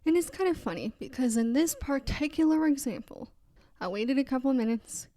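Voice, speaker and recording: A woman's voice: sits high, lively intonation, normal speed, dark tone. A young adult woman hosting a casual faith podcast, telling a story in a chatty way and quoting other voices. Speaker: podcast host.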